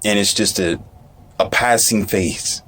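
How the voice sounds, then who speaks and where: Slow, low-voiced man reading news with asides. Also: a bit bright. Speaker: commentator reading news aloud. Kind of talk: casual commentary over read-aloud news.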